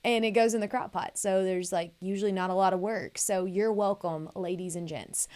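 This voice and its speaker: Chatty, enthusiastic woman podcast co-host. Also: mid-range voice. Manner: animated, enthusiastic, quick asides. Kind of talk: casual chat.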